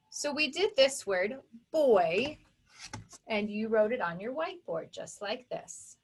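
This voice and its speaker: This recorded phonics lesson comes from a woman teacher whose voice is a little high and a bit bright. Patiently, she takes the young pupils through each step, pronouncing every sound with deliberate care.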